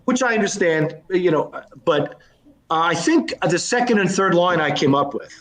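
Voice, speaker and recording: A man's voice: high-pitched, moderate pace, reverberant. A man, a comedian guest, chatting on a podcast and acting out lines as he tells a story. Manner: animated storyteller, acts out lines. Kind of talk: casual podcast chat.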